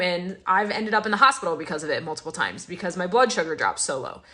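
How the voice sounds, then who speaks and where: A woman's voice: fairly low pitch, animated, fast, few pauses, bright, forceful tone. A young woman hosting a casual vlog, talking in an emotional, confiding way with many fillers and restarts. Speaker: host.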